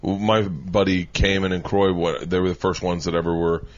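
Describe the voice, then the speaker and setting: A man hosting a podcast, telling stories in a casual chat, loudly acting out the lines he quotes and laughing between them. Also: low-pitched, little pitch movement, normal speed, dull audio. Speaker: podcast host.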